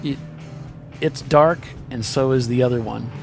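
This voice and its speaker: Steady male race commentator. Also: medium pitch, unhurried, gravelly, music in the background. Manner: steady, matter-of-fact play-by-play. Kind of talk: live racing commentary.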